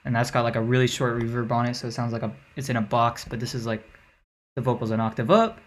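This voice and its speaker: A woman's voice: a bass voice, fast. A woman casually talking a livestream through her own song mix, rambling with lots of fillers and the odd swear. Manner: loose, rambling and profane, full of "like" and "um".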